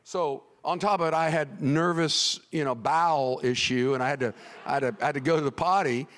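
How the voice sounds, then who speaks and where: A middle-aged male pastor telling a comic story in a sermon, animated and prone to sudden shouts. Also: a little high, fairly quick, in a large hall.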